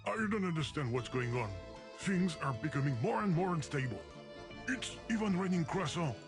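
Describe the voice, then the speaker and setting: An anxious, exasperated talking game with a foreign accent, pleading excitably with the player. His high voice leaps up and down constantly over game music. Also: moderate pace. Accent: foreign-accented English.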